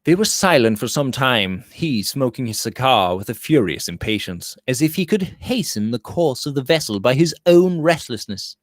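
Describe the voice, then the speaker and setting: A man's voice: expressive, moderate pace, few pauses, no echo. Guy reading a victorian novel, voice goes all over the place, dry close sound. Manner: voices dialogue with rising pitch and volume. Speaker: audiobook reader.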